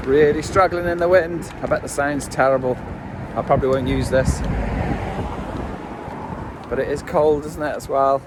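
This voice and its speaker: A man's voice: fairly high pitch, steady tone, takes it slowly, pauses often. A middle-aged Englishman vlogging casually outdoors at night, chatty with a dry wry humour, on a handheld camera. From England. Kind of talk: casual vlog narration. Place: outdoors in a windy town at night. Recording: wind noise outdoors.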